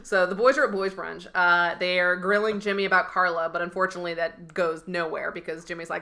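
A woman co-hosting a podcast, recapping a TV episode in quick, wry casual chat and laughing often. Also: on the low side, fairly even intonation, creaky, pushed and bright. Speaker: podcast co-host recapping a show.

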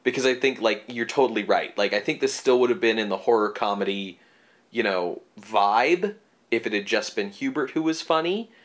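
A man's voice: lowish voice, normal speed. A man co-hosting a casual movie podcast, talking in rambling stretches full of fillers and restarts. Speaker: podcast co-host. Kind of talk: casual movie review chat.

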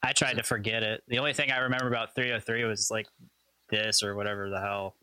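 A man's voice: on the low side, level tone, fast talker, bright, forceful tone, clean tone, low-quality recording. A man co-hosting a podcast, chatting wryly and putting himself down in casual banter. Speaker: podcast co-host and sound editor.

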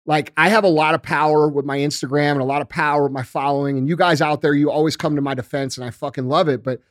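A man's voice: on the high side, steady tone, fast, no echo. Casual swearing man, dry mic. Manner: casual, swearing, says dude and bro. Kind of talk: casual political chat.

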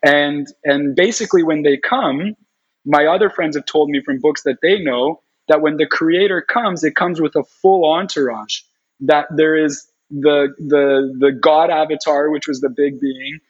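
A man telling a long personal story in an animated, rambling way, full of "like" fillers. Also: fairly high pitch, a little slow, slightly rough. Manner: rambling, heavy use of "like" fillers. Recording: dull lo-fi recording.

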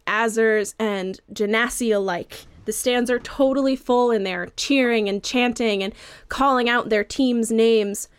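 Woman, game master, slow narration, slightly high voice, dry close sound. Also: smooth, no echo. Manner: relaxed storytelling with fillers.

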